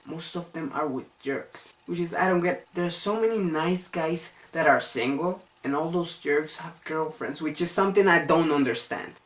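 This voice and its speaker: A man's voice: fairly high pitch, a bit bright. A young man talking casually to the camera as a vlogger, earnest and chatty, rambling from one point to the next. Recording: echoey room.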